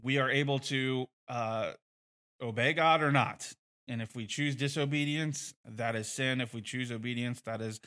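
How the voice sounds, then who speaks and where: Male bible teacher, middle pitch, bright, loose and conversational. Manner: conversational, with frequent fillers and restarts. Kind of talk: casual bible lesson.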